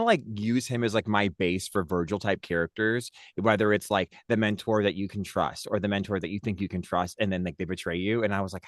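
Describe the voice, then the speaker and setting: Low-voiced man, dry close sound. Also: dry recording. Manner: animated, many fillers, acts out quotes. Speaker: audiobook narrator. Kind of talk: casual interview chat.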